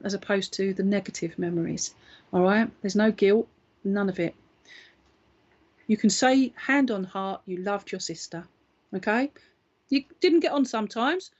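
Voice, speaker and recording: A woman's voice: mid-range voice, highs cut off. A woman working as a psychic medium, giving a live reading in a chatty, reassuring way and often checking in with her listener.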